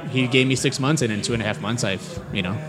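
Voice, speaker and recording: A young professional wrestler tells a story in a casual interview, rambling with plenty of fillers and acting out quotes. His mid-range voice moves fast over music.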